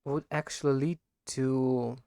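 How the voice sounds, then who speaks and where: A non-native English speaker practices speaking in an unscripted monologue, working through practice questions and halting, repeating, and correcting himself often. His voice is medium-pitched, fairly even, creaky and warm, captured as clean studio sound with no room echo.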